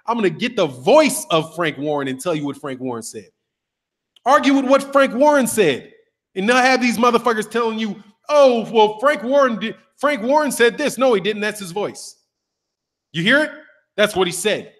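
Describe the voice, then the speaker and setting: Middle-aged guy with a high voice ranting on his boxing channel, swears a lot, acts stuff out. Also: normal speed. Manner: animated, profane, acts out voices of others. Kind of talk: casual monologue rant.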